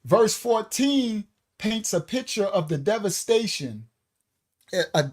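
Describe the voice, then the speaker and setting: High-voiced New York man teaching bible study. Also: animated, a little mellow. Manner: talks things through, spells words out letter by letter; halting, with frequent restarts and asides to viewers. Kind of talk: live-streamed bible study lecture.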